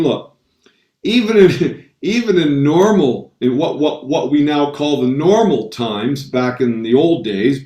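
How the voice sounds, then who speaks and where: Male coach, emphatic talker with frequent restarts, mid pitch, distant roomy sound. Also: a little mellow. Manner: emphatic, repeats key phrases, many restarts. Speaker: stress coach giving a talk. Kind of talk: motivational talk on a live stream. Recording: roomy echo, distant from the mic.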